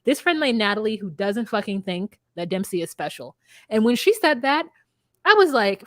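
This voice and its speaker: A woman co-hosting a casual recap chat, talking bluntly and profanely in an animated storytelling way. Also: a little high, moderate pace, no room sound, clean studio sound. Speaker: podcast co-host.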